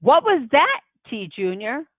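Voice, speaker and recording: A woman's voice: on the high side, huge pitch swings, measured pace, no room sound, heavily acted. A woman voicing a weary, fretful mother. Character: weary, worried mother of a family. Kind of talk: audiobook character voice. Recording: tinny phone-like dry sound.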